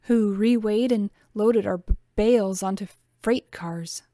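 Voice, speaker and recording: A chatty young farm worker who recounts things matter-of-factly, read by a woman narrator. The voice is at an ordinary middle pitch. The recording is dry. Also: unhurried, warm tone, dry recording, lightly acted.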